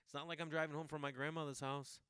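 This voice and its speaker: A man from the Boston area hosting a podcast, telling casual comic stories in an animated, chatty way. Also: on the high side, fast, clear, resonant tone. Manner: animated, jumps into quoted voices, loose and chatty. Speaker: podcast host.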